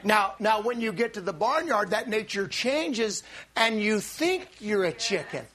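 A man preaching with a high, bright voice that swings widely in pitch. He delivers the sermon with animated energy, stumbling over restarts and rising to shouts. His tone is sharp and forceful throughout. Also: unhurried.

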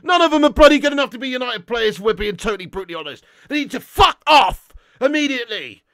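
A young man ranting angrily and loudly as host of a live football watch-along, swearing constantly. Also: extremely high pitch, lively intonation, fast, dry recording. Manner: angry, sweary, loud ranting. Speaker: football fan livestream host.

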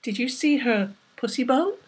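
A woman voicing an excited, awestruck young male fisherman asking eager questions. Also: sits high, normal speed, breathy edge, heavily acted.

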